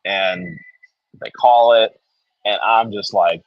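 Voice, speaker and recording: A man's voice: lowish voice, takes it slowly, no echo, highs cut off. A young man with a New Jersey accent telling a story in casual chat, acting out what people said. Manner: animated, acts out quoted people. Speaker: guest comic creator.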